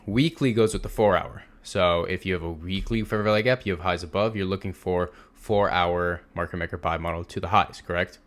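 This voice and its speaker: A man's voice: sits low, a little fast, few pauses, fairly bright tone. A young man teaching a trading lesson over a screen share, casual and emphatic, repeating words for stress. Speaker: trading instructor.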